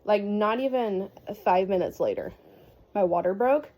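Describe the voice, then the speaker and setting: A woman's voice: medium pitch, expressive, a little slow, warm tone. A young woman casually telling a story in a rambling vlog style, with lots of fillers and laughs. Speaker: vlogger.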